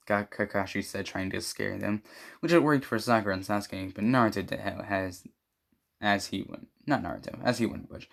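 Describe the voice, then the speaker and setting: A man's voice: fairly low pitch, moderate pace, vocal fry, fairly bright tone. A young man casually reading fan fiction aloud, stumbling over words and adding mocking asides.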